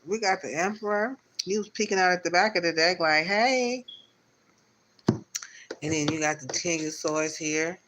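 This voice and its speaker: A man's voice: fairly high pitch, level tone, fairly quick, hardly any pauses, pushed and bright, a little hiss or hum, rough recording. A man giving a spiritual tarot reading on a live stream, talking in loose, repetitive, encouraging circles. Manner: rambling, repetitive, spiritual pep talk. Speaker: tarot reader.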